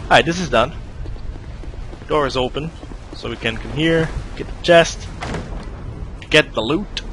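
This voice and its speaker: Brief: joking, swearing streamer guy, slightly high voice, unhurried, noisy mic. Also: fairly bright tone. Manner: casual, profane, joking. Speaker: game streamer. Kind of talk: casual let's-play commentary.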